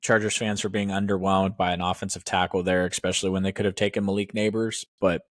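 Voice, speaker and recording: A man with a low voice gives opinionated, wry sports takes and speeds up in quick bursts. His delivery is loose and conversational. The close, dry sound carries no room echo. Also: flat delivery. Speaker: podcast co-host. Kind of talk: casual sports chat.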